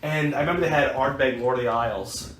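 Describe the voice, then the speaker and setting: A man's voice: mid-range voice, fast, fairly bright tone. Man, American, podcast co-host, rambling casual storyteller, echoey room, faint background hiss. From United States. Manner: rambling storyteller with many restarts and fillers. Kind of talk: casual chat.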